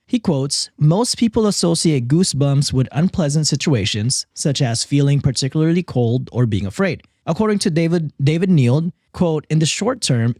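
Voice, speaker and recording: Lively, higher-voiced man hosting a podcast. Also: no room sound, studio quality. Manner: joking, reads quotes then riffs on them. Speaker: podcast host. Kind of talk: casual podcast chat, reading facts aloud.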